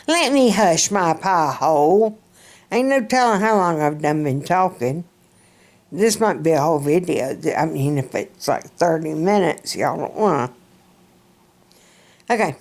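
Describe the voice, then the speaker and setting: A woman's voice: low-pitched, darkish tone. A middle-aged woman from central Alabama with a Southern accent, rambling folksily in a casual vlog chat and laughing often. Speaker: vlogger.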